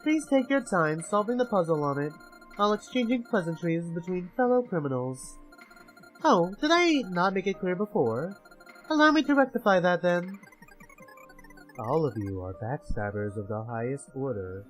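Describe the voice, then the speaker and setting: A man's voice: high voice, sing-song, moderate pace, faint music behind, voice pushed up, poor audio. A man voicing a mocking mastermind who runs a death game, with a taunting, theatrical announcer's delivery.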